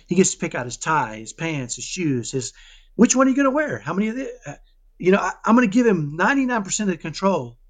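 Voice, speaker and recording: A man talking casually in an interview about raising his son, animated and often checking in with "right?". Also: high-pitched, fast talker. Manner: animated, keeps asking "right?"; acts out dialogues with his son. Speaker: parenting guest.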